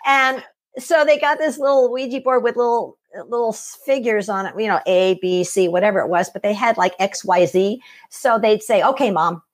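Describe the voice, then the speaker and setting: A middle-aged woman telling her own story as an interview guest, animated, laughing often and acting out what others said. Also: on the high side, moderate pace. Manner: animated, laughs often, acts out quoted voices. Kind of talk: personal story in conversation.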